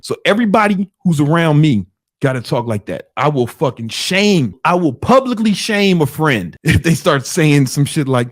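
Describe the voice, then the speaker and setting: A man's voice: on the high side, normal speed, dry recording. Young guy ranting casual self-help, cussing, dry close sound. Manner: blunt, profane, animated, mocking quoted whiners. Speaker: entrepreneur giving advice. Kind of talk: casual motivational talk.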